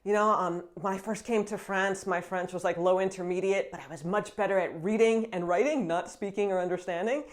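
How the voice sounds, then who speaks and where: A woman's voice: lowish voice, brisk, hardly any pauses. Woman vlogger, 30s, from the US. Casual and chatty to camera, upbeat, lots of fillers and light laughter. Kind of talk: casual vlog talk to camera.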